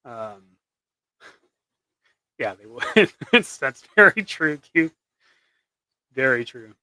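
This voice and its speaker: A man paints custom action figures live, chatting loosely and joking with the audience, frequently starting over mid-thought. He has a mid-range, sing-song voice that stretches out words, sounding pushed and bright with no echo.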